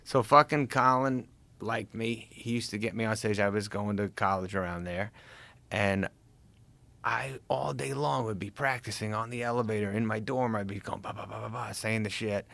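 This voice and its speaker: A middle-aged man, a comedian and actor guest on a podcast, telling animated, swear-heavy stories and acting out quotes in casual conversation. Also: on the low side, moderate pace, vocal fry.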